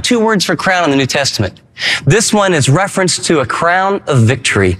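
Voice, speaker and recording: A man preaching a radio sermon, animated, with dramatic swings between slow emphasis and quick asides. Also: high-pitched. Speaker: pastor.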